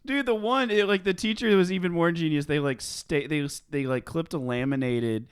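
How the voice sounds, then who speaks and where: A young man co-hosting a casual comedy podcast. He rambles through stories, laughs often and jumps into high mocking voices. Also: a little fast, clean tone, no echo, studio quality. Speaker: podcast co-host.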